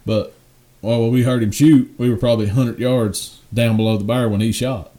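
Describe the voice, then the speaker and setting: Mellow man in easy talk. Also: medium pitch, steady tone, a little fast. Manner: easygoing rural drawl. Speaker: guest hunter. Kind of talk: casual storytelling chat.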